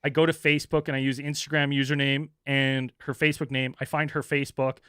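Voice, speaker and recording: A man co-hosting a podcast, telling a story casually, swearing a lot and acting out the people he talks about in high voices. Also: little pitch movement, quick pace, a bit bright, clear, resonant tone, no room sound, studio quality. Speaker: podcast co-host.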